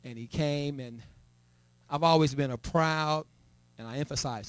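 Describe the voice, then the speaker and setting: A man's voice: on the high side, a little slow, long pauses, smooth. A middle-aged man, a church elder, giving a testimony in a church, who repeats words and builds to a raised, emphatic voice. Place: church sanctuary. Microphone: live stream.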